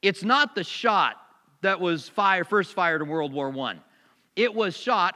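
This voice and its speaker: A man's voice: high voice, normal speed, pushed and bright, long reverb tail. A man preaching a sermon to a congregation, often restarting and repeating words as he goes. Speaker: pastor.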